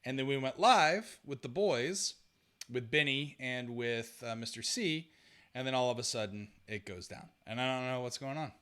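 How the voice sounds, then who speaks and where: A man's voice: mid-range voice, expressive, normal speed, fairly bright tone, clear, resonant tone. A man hosting a live-streamed podcast, chatting casually and sorting out technical trouble aloud. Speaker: podcast host.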